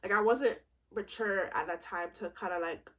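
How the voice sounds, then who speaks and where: A woman's voice: mid-range voice, moderate pace, fairly bright tone. A woman in her twenties telling a casual storytime vlog, rambling and profane, with frequent laughter. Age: 20s. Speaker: vlogger.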